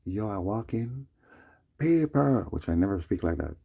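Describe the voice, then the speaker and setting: A man's voice: low-pitched, quick pace, vocal fry, mellow, dull audio. A man telling a long personal story in a meandering, casual way, often adding "you know what I'm saying" and "man". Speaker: vlogger.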